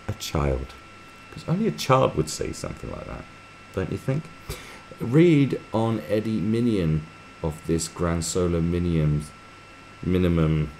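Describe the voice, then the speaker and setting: A man's voice: a bass voice, a little mellow, slight background noise. A man hosting a live stream, reading viewer comments aloud and mocking them in a crude, sarcastic way.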